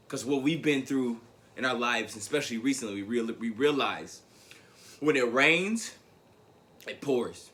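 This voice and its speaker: A man from Tennessee, giving a convention keynote as a motivational speaker and telling a story with animated swings between loud and hushed delivery. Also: medium pitch, slow pace, pauses often.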